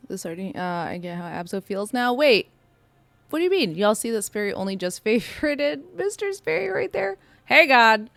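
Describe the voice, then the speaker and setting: A woman casually chatting as a live streamer, bubbly and excitable as she talks to her viewers. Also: a little high, moderate pace, creaky, no echo.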